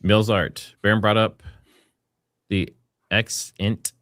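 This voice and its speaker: Deep-voiced man hosting a live stream. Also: flat delivery, takes it slowly, fairly bright tone, dry recording, studio quality. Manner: upbeat, reads viewer messages and thanks them. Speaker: live-stream host reading super chats.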